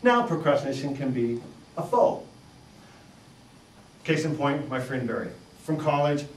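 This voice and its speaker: A middle-aged man giving a humorous talk before an audience, spinning animated, self-mocking stories. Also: mid-range voice, reverberant, distant mic, a little hiss or hum, low-quality recording. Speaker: speaker. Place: live event room with audience.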